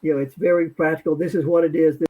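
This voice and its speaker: A man's voice: a little high, level tone, fast talker. A man with a slightly raised voice joins the conversation over a dull, lo-fi connection. He talks casually and chattily as a guest.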